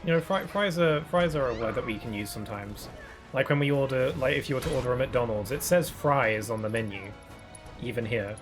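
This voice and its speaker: A man's voice: mid-range voice, a little fast, music in the background. A man with a British accent, a gaming streamer, musing casually with rambling fillers while he plays.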